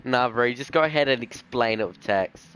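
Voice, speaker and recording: A man's voice: medium pitch, normal speed, a bit bright, a little hiss or hum. A young man live-streaming a game, chatting casually and rambling in slang, often tossing in "bro". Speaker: gaming streamer. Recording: faint music behind the voice.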